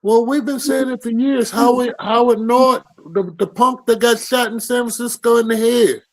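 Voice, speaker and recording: A man co-hosting a morning show, talking in loud, profane, teasing banter. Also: very high-pitched, fairly even intonation, moderate pace, low-quality recording. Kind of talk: casual banter.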